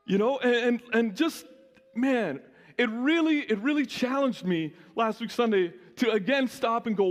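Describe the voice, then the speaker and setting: A male pastor giving a lively, conversational sermon, often restarting his sentences. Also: very high-pitched, normal speed, in a large hall.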